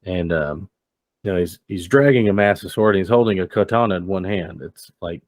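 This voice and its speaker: A man's voice: low-pitched, brisk, no echo. A man narrating as game master of a tabletop game, hesitant and full of fillers.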